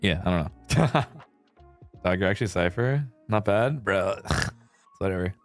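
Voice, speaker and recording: Male streamer, casual rambling chat, swears freely, animated delivery. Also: low-pitched, a little slow, faint music behind. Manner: laid-back, rambling with fillers, swears and laughs a lot.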